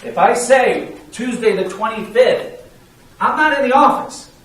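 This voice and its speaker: A man coaching a sales team in an emphatic, energetic, pleading way. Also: extremely high pitch, unhurried. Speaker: sales trainer. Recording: echoey room, mic far off, faint hiss.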